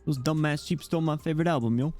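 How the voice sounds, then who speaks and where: A man's voice: a little high, fast, darkish tone, soft background music, lightly acted. A man voicing a swaggering immortal emperor penguin rapper who talks in laid-back slang, reading a game story aloud. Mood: cocky.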